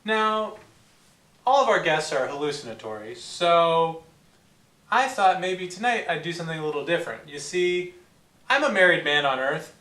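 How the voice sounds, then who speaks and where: A man's voice: a little high, bright, forceful tone, far from the mic. Showman-like male comedy host on a roomy stage. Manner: jokey, showman-like, earnest. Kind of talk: comedic talk show hosting.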